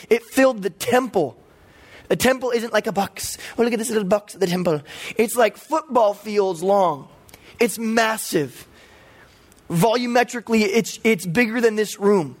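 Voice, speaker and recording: A man who is a pastor, preaching a teaching sermon and explaining scripture with playful asides. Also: high voice.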